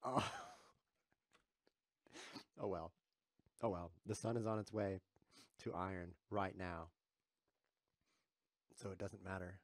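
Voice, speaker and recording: Joking low-voiced male chess streamer. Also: fairly even intonation, takes it slowly, long pauses, no echo. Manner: jokey, chuckling, reading chat aloud. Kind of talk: live chess commentary.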